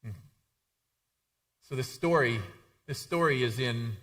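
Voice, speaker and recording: A man's voice: mid-range voice, takes it slowly, a bit bright. A male pastor giving a conversational sermon, often repeating words as he restarts his sentences. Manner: conversational, frequent stammered repeats.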